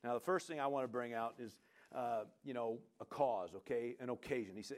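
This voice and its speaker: A man preaching a sermon in an animated, conversational way, often breaking off with quick asides to the listeners. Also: medium pitch.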